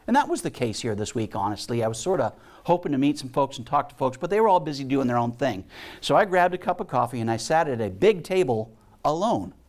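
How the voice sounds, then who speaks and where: Animated man telling stories. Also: medium pitch, fast. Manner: animated storyteller, acts out voices. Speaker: guest speaker and musician. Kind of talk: storytelling talk to a spiritual community.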